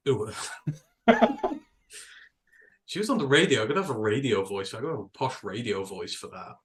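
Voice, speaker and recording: British male co-host, excitable, rambles with restarts. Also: fairly low pitch, normal speed, a little hiss or hum. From England. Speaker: podcast co-host. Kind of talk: casual chat.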